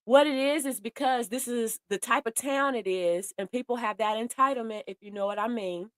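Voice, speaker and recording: A woman's voice: a little high, normal speed, dry recording, studio quality. A woman doing heated commentary, blunt and profane, speaking straight to her viewers in a way. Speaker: commentary host. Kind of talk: casual commentary.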